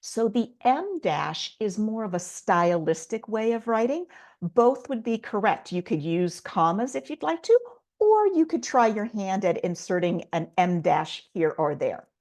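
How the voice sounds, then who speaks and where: A woman's voice: mid-range voice, big pitch swings, a little slow, darkish tone. A middle-aged woman teaching a writing lesson online, explaining step by step in a patient way with a few fillers. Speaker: writing instructor.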